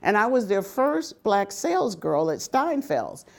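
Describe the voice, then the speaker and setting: An older woman telling stories from her working life, humorous and lively, often laughing. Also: medium pitch, measured pace, vocal fry. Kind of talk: personal storytelling talk.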